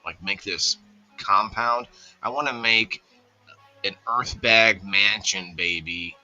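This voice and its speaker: Low-voiced laid-back man hosting a livestream. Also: slow, sharp tone, dull audio, soft background music. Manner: rambling, easygoing, greets viewers by name. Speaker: livestream host. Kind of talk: casual livestream chat.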